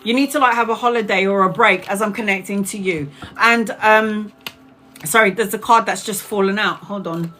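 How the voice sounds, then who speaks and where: A woman giving a live tarot reading in a loose, chatty way, blunt and quick to swear and laugh. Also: mid-range voice, bright, forceful tone, soft background music. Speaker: tarot reader. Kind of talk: live-streamed tarot reading, casual chat.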